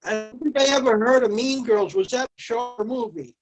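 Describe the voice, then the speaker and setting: A woman chatting casually, asking curious questions with halting restarts. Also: fairly high pitch, faint music behind, rough recording. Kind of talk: casual chat.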